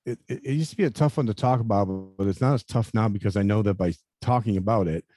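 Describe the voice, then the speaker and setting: Halting, earnest man in his fifties. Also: fairly low pitch, warm tone, dry recording, clean studio sound. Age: 50s. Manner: halting, repeats words, many "you know" fillers; earnest, confessional. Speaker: interview guest. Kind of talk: personal story in conversation.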